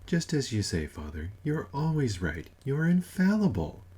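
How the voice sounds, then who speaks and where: A man's voice: mid-range voice, huge pitch swings, measured pace, warm tone, breathy edge, voice pushed up, heavily acted. A man voicing an elderly motherly wife who soothes and placates her husband in a mildly condescending way. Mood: soothing.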